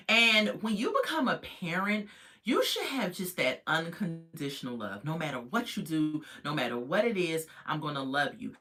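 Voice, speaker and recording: Chatty opinionated reality TV reviewer. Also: normal speed. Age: adult parent. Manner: chatty, opinionated, talks straight to viewers; animated, jumps in pitch when reacting. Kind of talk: casual episode recap.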